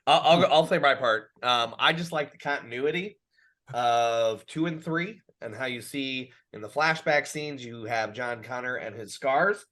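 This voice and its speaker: A man's voice: mid-range voice, a little slow, fairly bright tone. A man co-hosting a casual movie podcast, speaking as an eager fan. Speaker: podcast co-host. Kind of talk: casual movie review chat.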